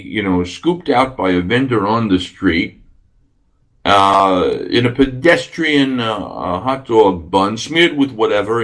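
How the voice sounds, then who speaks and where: A man hosting a radio podcast, chatting casually and enthusiastically, rambling with many fillers. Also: on the low side. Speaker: radio host. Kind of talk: casual solo podcast talk.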